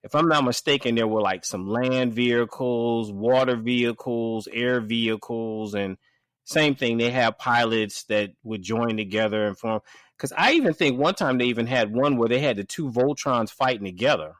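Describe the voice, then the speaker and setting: A man's voice: mid-range voice, moderate pace, fairly bright tone, no echo. A man hosting a casual podcast, talking in a rambling, hesitant way on a close mic. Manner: rambling, hesitant, restarts and trails off. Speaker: podcast host.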